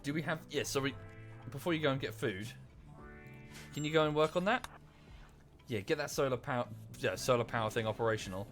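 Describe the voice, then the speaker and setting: A man narrates his colony game live for his stream, drifting between remarks to viewers and orders to the little characters. His talk is loose and chatty, full of restarts, at an ordinary middle pitch. Faint music plays behind him. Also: fairly quick, a bit bright. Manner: rambling, self-correcting, talks to viewers and the game characters. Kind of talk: casual game-stream commentary. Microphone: desk microphone.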